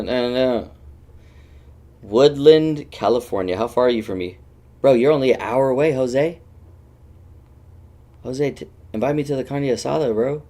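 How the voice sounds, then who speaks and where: A man with a very deep voice and a gravelly, fry-heavy edge runs a casual gaming stream. He teases his friends and chat in loose, offhand banter, swearing freely. He sounds close to a headset mic. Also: darkish tone.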